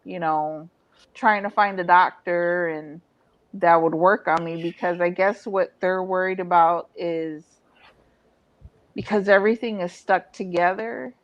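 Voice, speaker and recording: A woman's voice: lowish voice, steady tone, measured pace, no room sound, dull audio. A woman in casual chat among friends, speaking candidly and matter-of-factly. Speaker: channel host.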